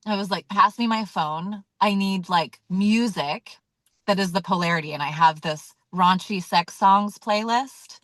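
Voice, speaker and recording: A woman's voice: mid-range voice, a little slow, fairly bright tone, no room sound. A woman leading a weekly community call, talking casually and candidly with many fillers and acting out her own reactions. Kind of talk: casual teaching talk.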